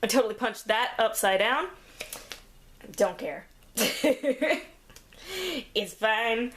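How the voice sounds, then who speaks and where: A woman's voice: a little high, lively intonation, slow, slight background noise. A woman chatting casually while making a craft, self-deprecating and laughing often, a little out of breath. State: slightly out of breath. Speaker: craft vlogger.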